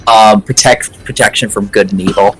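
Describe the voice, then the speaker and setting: A man's voice: lowish voice, steady tone, moderate pace, fairly bright tone, faint music behind, low-quality recording. A man casually playing a tabletop role-playing game, rambling and hesitant.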